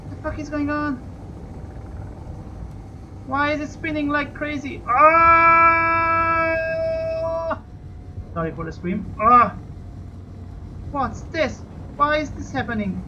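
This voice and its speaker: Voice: high voice, normal speed, pauses often, highs cut off, noisy background. A let's-play host giving running gameplay commentary, talking to themselves and narrating each moment, with bursts of swearing and yelps. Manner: talks to self, narrates each moment, swears and yelps when things go wrong.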